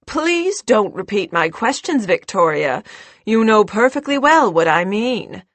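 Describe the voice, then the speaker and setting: A woman's voice: medium pitch, very animated, measured pace, dry recording. A woman voicing a stern, cold elderly grandmother who speaks in an icy, clipped way. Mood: angry.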